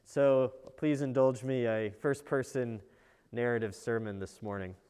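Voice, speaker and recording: A man's voice: medium pitch, steady tone, a little slow, darkish tone, clean tone, in a large hall. A man, a pastor, introducing his sermon in a plain, inviting way.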